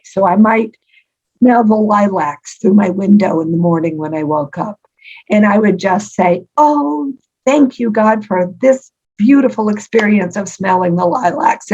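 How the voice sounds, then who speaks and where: An older woman being interviewed as an author, telling stories warmly with frequent ums and laughs. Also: mid-range voice, slightly rough, lo-fi sound. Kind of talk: conversational interview.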